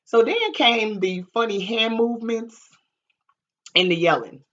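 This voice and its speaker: Bright-voiced woman telling a story. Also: a little high, measured pace, dull audio. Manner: animated, profane, laughing, acts out quotes. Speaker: vlogger. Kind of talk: casual storytelling to camera.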